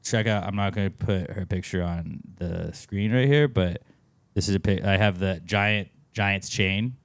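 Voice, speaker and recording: A man in his thirties co-hosting a podcast, his lowish voice smooth and resonant. He rants and swears in a casual, sarcastic way. The sound is dry and close, with no room around it. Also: measured pace, no echo. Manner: profane, ranting, sarcastic. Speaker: podcast co-host. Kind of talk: casual chat.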